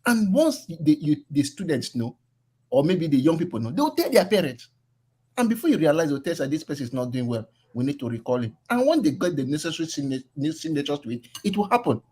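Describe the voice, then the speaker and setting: A man's voice: fairly high pitch, big pitch swings, fast, a little mellow, husky. A man with a Nigerian accent speaking earnestly and persuasively on an online group call, mixing in pidgin. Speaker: call-in participant. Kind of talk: casual online group discussion.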